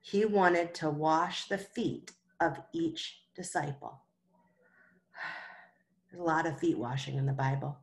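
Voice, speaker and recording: A woman teaching a Sunday school lesson, telling a Bible story to children and gently asking them questions along the way. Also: low voice, takes it slowly, creaky, pauses often.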